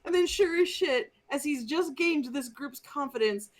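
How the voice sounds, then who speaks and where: A woman co-hosting a casual movie review podcast, telling the story in an animated, exasperated and profane way. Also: high voice, normal speed. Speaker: podcast co-host.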